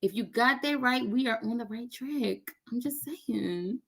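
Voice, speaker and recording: A woman's voice: a little high, measured pace, creaky, a bit bright, husky. A woman learning a language on camera, chatting casually and joking with her viewers. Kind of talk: casual chat while doing a recorded lesson.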